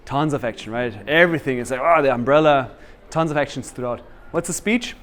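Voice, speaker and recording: A man leading a storytelling workshop, energetic and quizzing his audience. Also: mid-range voice, a little fast. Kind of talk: interactive workshop teaching.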